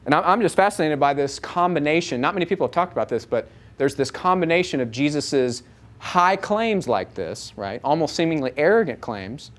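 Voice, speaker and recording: A man teaching a live audience, animated, asking them many rhetorical questions. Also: fairly high pitch, fairly quick. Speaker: Bible teacher.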